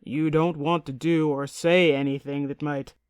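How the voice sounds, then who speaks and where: A woman voicing an earnest, nervous young prince in an audiobook, speaking in a measured, gentle way. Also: deep voice, steady tone, smooth, no echo, clean studio sound. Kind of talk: audiobook character reading.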